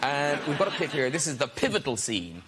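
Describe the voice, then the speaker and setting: A man hosting a TV talk show, reacting playfully and asking his guests quick questions. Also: fairly high pitch, very animated, fairly bright tone, a little hiss or hum. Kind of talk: casual chat, interviewing. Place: TV studio with audience.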